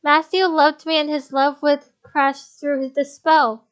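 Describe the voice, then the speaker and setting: A woman's voice: high-pitched, flat delivery, takes it slowly, fairly bright tone. A woman reading a visual novel's text aloud, stumbling over words and breaking off to comment.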